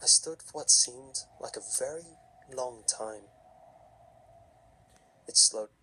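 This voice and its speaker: A man reading a horror story aloud in a slow, measured, hushed narration with a husky voice. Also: medium pitch, a little hiss or hum, poor audio.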